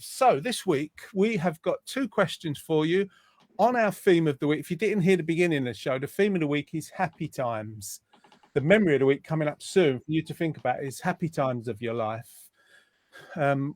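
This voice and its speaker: A man's voice: a little high, no room sound. A man hosting a live online show, chatting with guests and reading out viewer greetings in an upbeat way. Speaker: host.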